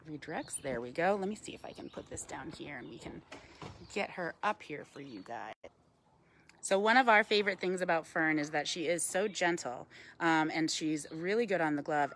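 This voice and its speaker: A woman's voice: sits low, fairly bright tone. A woman educator from a wildlife center, giving a chatty live talk outdoors in the wind, talking fondly to an owl, with frequent ums, and answering viewer questions.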